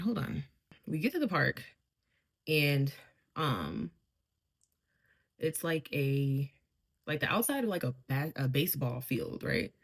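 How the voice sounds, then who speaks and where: A woman's voice: sits low, breathy edge. A young woman, chatting casually while doing her makeup and telling a dating story, with laughing asides. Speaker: beauty vlogger.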